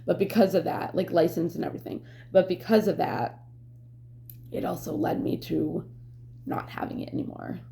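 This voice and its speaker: A woman's voice: lowish voice, fairly even intonation, moderate pace, gravelly, dark tone, a little hiss or hum. A young woman vlogger telling a personal story candidly, rambling and swearing, with lots of fillers. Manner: rambling, profane, full of fillers.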